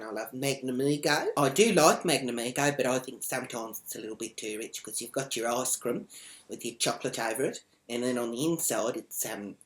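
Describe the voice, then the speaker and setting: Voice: medium pitch, natural voice. A comedian playing a brash, foul-mouthed woman who rambles and swears bluntly in a comedic character vlog.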